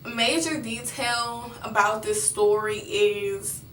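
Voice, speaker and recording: A woman's voice: fairly high pitch, steady tone, slow pace, a bit bright, reverberant, distant mic, a little hiss or hum, rough recording. A young woman vlogger telling a personal story in a rambling way, with many fillers and restarts.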